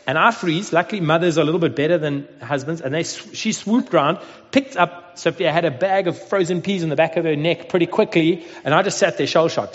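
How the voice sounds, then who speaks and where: A man in his thirties preaching a sermon, telling a family story with animated acted-out voices. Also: a little high, a little fast. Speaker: pastor. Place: Cape Town. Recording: dull sound with long hall reverb.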